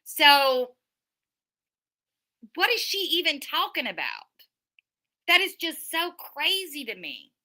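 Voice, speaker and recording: A woman's voice: sits high, takes it slowly, long pauses. A middle-aged woman, hosting a livestream, chatting casually with viewers and telling stories. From Southern United States. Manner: chatty storyteller, animated, many restarts. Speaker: livestream host. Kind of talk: casual chat reading viewer comments.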